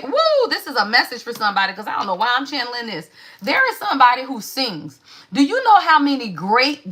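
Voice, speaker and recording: A woman's voice: high voice, sharp tone. A woman giving a live tarot reading in an emphatic, preachy call-and-response manner, swearing freely. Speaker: tarot reader.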